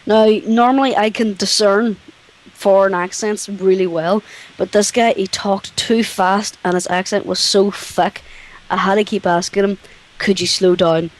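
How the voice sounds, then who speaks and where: A Northern Irish woman briskly telling dry call-center stories in casual chat. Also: mid-range voice, fairly even intonation, low-quality recording. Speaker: guest. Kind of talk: casual storytelling.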